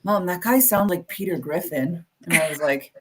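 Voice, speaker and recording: A woman's voice: fairly low pitch, normal speed, noisy background. A woman with a Canadian accent, hosting a talk show in a chatty, laughing way. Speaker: host. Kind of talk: casual chat.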